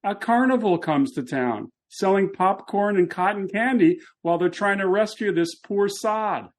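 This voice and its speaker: On this classic-Hollywood podcast, a co-host with a high voice talks at an ordinary speed. His casual discussion of films is reflective and conversational as he walks through explanations.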